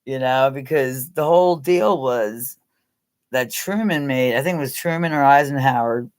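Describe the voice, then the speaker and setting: A man talks casually on a live stream, rambling and pausing as he gathers his thoughts. His voice sits at an ordinary middle pitch, recorded close and dry with no room sound. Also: dry recording. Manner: halting, rambling, thinks aloud with many pauses.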